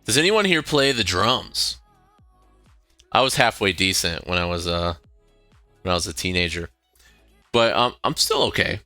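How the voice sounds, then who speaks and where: Chatty streamer guy with a bright edge. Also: low voice, expressive, normal speed, long pauses, faint music behind. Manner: rambling, chatty, laughs often. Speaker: live streamer. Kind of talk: casual live-stream chat.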